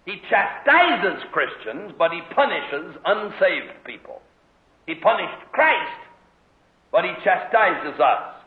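A man preaching a sermon, telling stories and acting out the voices in them. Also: on the high side. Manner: animated storytelling, acts out voices in quotes. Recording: phone-like lo-fi echoey hall recording. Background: congregation heard responding.

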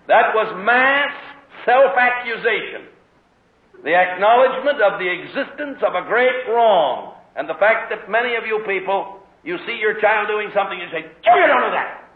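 This preacher's voice is high-pitched and his pace is normal as he tells lively sermon stories, performing each quoted voice himself. You can hear the congregation answering him in the echoey hall, captured on a lo-fi, phone-quality recording.

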